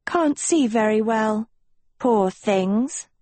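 A woman's voice: on the high side, lively intonation, extremely slow, mellow, dry recording, pitched above the performer's own voice, full character voice. A woman voicing a teenage girl turned villain in an audiobook, silky, taunting and coldly sweet. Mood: sweetly cold. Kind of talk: audiobook character reading.

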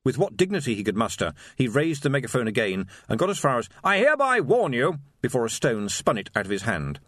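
A man narrating an audiobook in an expressive, wry storytelling voice. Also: on the low side, fast talker, no room sound, studio quality. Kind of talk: scripted narration.

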